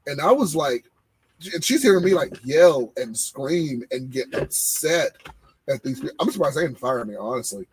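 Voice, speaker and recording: A man, co-hosting a casual podcast and telling animated stories about his old job. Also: fairly high pitch, normal speed, breathy edge, poor audio. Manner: animated storytelling, repeating phrases. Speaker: podcast co-host. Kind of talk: casual chat.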